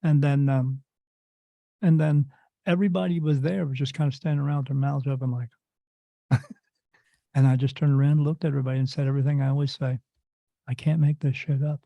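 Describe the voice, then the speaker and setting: A man's voice: medium pitch, fairly quick, vocal fry, pauses often, dry recording, dull audio. A man who works as a medium, telling stories casually in an interview and acting out the voices of the people in them. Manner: animated storyteller acting out quoted voices.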